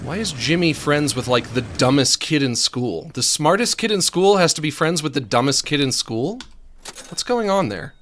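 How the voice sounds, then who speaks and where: Male streamer, lively pitch, chatty and laughing, quiet noise under the voice. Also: moderate pace. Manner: animated, laughs often, mutters to himself while playing. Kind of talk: casual rambling commentary while gaming.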